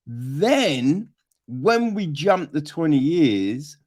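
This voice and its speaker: A man talking through a film on his podcast, his voice sitting fairly high and swooping all over as he gets into it. He speaks unhurriedly and swears freely, and keeps checking in with his listener. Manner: animated, profane, mimics characters in mocking high voices; peppers talk with "right?" and "you know what I mean?". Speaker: podcast host. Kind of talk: casual film review chat.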